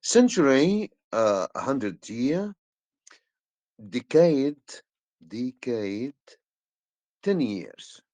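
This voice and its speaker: Slow, hesitant male teacher, dry sound. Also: medium pitch, sing-song, darkish tone, no room sound. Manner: hesitant, many fillers, slow explaining. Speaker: English teacher. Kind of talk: classroom lesson.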